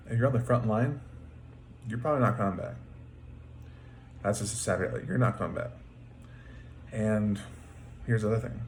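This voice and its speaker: A man's voice: fairly low pitch, a little mellow, a little hiss or hum. A man who blogs as a trucker, retelling a Bible story in an informal, slangy way with frequent restarts. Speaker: trucker video blogger.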